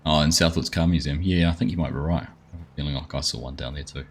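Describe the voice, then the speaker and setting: A man's voice: a bass voice, fairly even intonation, fast talker, breathy edge. A man hosting a live gaming stream, chatting casually and greeting viewers by name as he plays. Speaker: gaming livestream host. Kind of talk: casual chat while playing a farming game.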